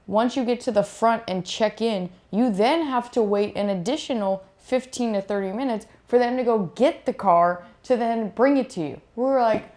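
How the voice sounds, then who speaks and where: A young woman, a beach volleyball player, casually retelling a chaotic trip and acting out what people said. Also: medium pitch. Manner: animated, acts out quotes. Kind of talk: casual storytelling chat.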